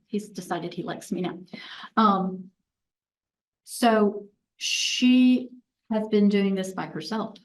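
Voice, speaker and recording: A woman's voice: mid-range voice, a little mellow, far from the mic, rough recording. A woman of about sixty, a physician, gives a candid, chatty conference talk full of restarts and self-deprecating asides. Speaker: physician presenter.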